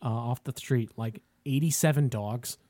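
A man co-hosting a podcast, chatting casually with playful, animated interjections. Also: medium pitch, normal speed, dry recording. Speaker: podcast co-host. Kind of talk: casual chat.

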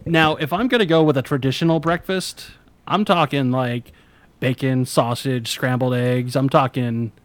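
A man's voice: mid-range voice, moderate pace, no echo. A man co-hosting a podcast, chatting casually and rambling, with casual swearing. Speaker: podcast co-host. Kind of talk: casual chat.

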